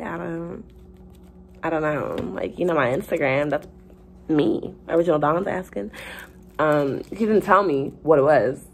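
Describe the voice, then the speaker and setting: Husky-voiced young woman telling a story. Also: lowish voice, brisk. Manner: chatty, animated, many fillers, laughs through the story. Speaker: vlogger. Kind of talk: casual storytime chat.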